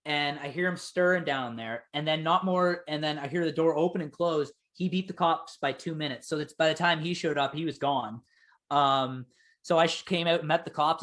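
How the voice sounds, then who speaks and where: A young man with a fairly high voice tells a story in loose podcast talk. He swears freely and acts out what people said in lively voices. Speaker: podcast co-host telling a story. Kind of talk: casual chat.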